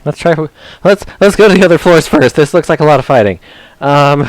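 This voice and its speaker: A man's voice: a little high, animated, moderate pace, no room sound. A man casually commenting as he plays a video game, chatty and self-mocking, often talking to the characters on screen. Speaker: streamer. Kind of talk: casual let's-play commentary.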